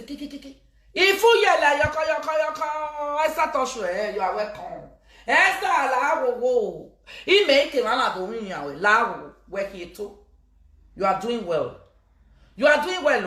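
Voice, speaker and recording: A woman's voice: mid-range voice, a bit bright, reverberant. A woman with a Nigerian Pidgin accent, chatting comically on a live stream, teasing, chanting and laughing. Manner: teasing, sing-song, laughing. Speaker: social media host.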